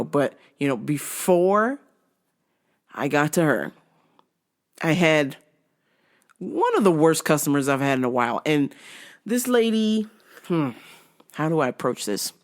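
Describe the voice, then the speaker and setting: A woman telling blunt, profane work stories on her show, laughing often. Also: low voice. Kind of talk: casual storytelling rant.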